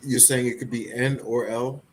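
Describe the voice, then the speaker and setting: A man of ordinary pitch joins an online language lesson as a student. He asks tentative questions to check he has understood, and there is a faint hiss behind him. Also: steady tone, moderate pace. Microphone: video call.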